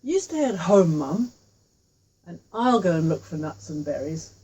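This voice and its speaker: A woman's voice: fairly low pitch, big pitch swings, unhurried, dark tone, husky, voice pushed down, full character voice, poor audio. A woman voicing a kind, thoughtful young girl who talks eagerly and earnestly. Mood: caring.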